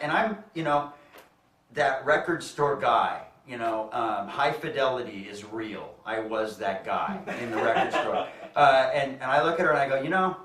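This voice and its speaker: A man hosting a comedy show, telling a stand-up story in an animated way and laughing often. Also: a little high. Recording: echoey room, distant mic, faint noise.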